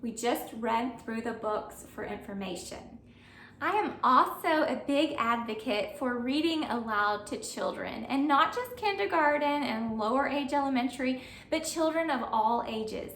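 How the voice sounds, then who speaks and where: Woman, homeschool mom reviewing a curriculum: earnest, encouraging, high voice, echoey room a little off-mic. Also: animated, unhurried, a bit bright, distant mic, a little hiss or hum. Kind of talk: friendly review talk to camera.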